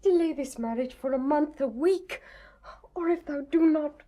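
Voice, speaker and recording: A woman's voice: sits high, moderate pace, mellow, natural voice. An actress playing a young noble girl in a 1970s radio drama, tearful and pleading. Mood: despairing. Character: young noble girl, desperate and defiant daughter.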